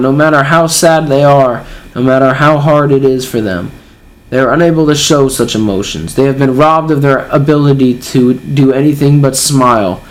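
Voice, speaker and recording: A man's voice: a little high, natural voice, low-quality recording. A man reading aloud the lines of a grieving young noblewoman, in a plain read-through. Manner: reads aloud plainly from a comic page.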